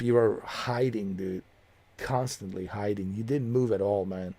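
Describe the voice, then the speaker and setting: Streaming from home on a close desk mic, a man angrily and profanely rants at a viewer, heated, repetitive and confrontational. His voice is low-ish, dark in tone, and unhurried.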